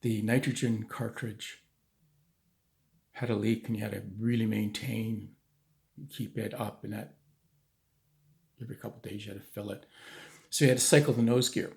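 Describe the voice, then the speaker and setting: A man's voice: on the low side, steady tone, normal speed, creaky, pauses often. A man telling a true story in a casual, conversational way, with restarts and asides.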